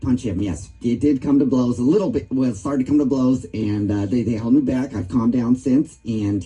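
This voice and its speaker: A man's voice: mid-range voice, moderate pace, dark tone, husky, poor audio. A man hosting a radio prank call, sounding mock-earnest and stammering as he acts worked up.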